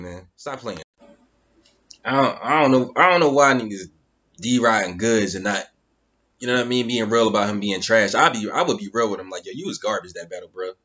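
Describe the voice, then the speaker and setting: A man's voice: medium pitch, fairly bright tone, muffled recording. A man giving a casual, mocking commentary rant, repeating phrases and sounding incredulous. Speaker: YouTube commentator.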